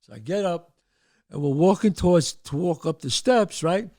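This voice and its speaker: Speaking at a moderate pace in a voice on the high side, a New York–accented host in his sixties from the Bronx recounts something from his past. He performs the story with gusto, shouting the lines of each person he portrays.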